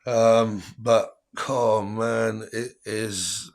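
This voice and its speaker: Casting note: English bloke, lowish voice, slangy, rambling, profane storyteller hosting a live stream. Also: male voice, measured pace, a bit bright. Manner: swearing, laughing, slangy, rambling. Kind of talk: casual storytelling.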